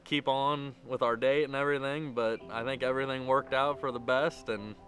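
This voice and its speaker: Young man, groom, rambling storyteller, mid-pitched voice, faint music behind. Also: steady tone, moderate pace, a bit bright. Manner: rambling, run-on storytelling with many "and"s. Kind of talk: casual storytelling and wedding toast.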